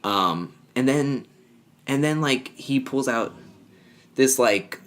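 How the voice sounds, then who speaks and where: A man's voice: mid-range voice, lively intonation, slow pace, a bit bright. A man co-hosting a podcast, casually recapping a reality show in a rambling way, full of fillers and acted-out quotes. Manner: rambling, filler-heavy, acts out quoted lines. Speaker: podcast co-host.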